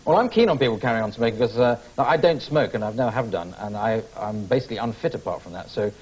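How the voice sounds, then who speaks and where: A man's voice: fairly low pitch, lively intonation, fast talker, breathy edge, rough recording. English man hosting a chatty talk show. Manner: chatty, teasing, laughs often. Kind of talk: studio talk show interview. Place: TV studio. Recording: loud studio audience laughter.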